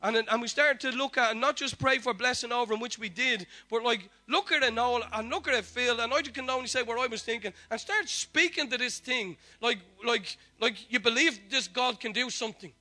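A man's voice: very high-pitched, brisk, few pauses, bright, forceful tone. A man preaching a sermon, telling a testimony with fervent, repeated declarations.

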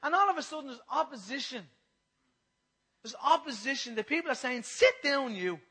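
A man preaching a sermon, impassioned and repetitive, moving between loud passages and hushed ones. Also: extremely high pitch, brisk, low-quality recording.

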